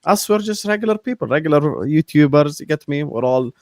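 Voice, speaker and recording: A young man hosting a casual livestream chat, animated and laughing often, using street slang. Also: a little high, brisk, no echo. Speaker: host.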